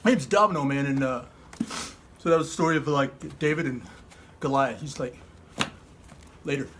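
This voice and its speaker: A man's voice: medium pitch, normal speed, background noise, natural voice. A man voicing a laid-back, slangy surfer-dude storyteller in a comic kids' Bible lesson, rambling and full of "like" and "man".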